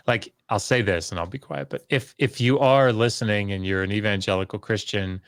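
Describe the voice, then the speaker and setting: A man speaking as a guest scholar in a casual podcast conversation, candid and self-deprecating, talking in quick bursts. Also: fairly low pitch, clean tone, no echo, studio quality.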